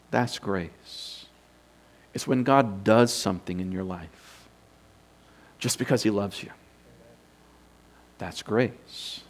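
A creaky, lowish male voice belongs to a preacher teaching doctrine from scripture. Speaking without a script, he thinks aloud and asks his listeners rhetorical questions.

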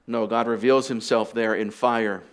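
A pastor preaching a sermon, explaining deliberately and dropping in casual asides to the congregation. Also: male voice, lowish voice, fairly even intonation, smooth. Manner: deliberate teaching with conversational asides.

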